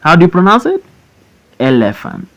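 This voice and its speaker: Recorded at low quality, a man with a high voice delivers a slow phonics lesson as an online voice-over, stretching each word into syllables and repeating it for learners. His pitch swoops wildly, he talks at a normal speed, and his tone is fairly bright.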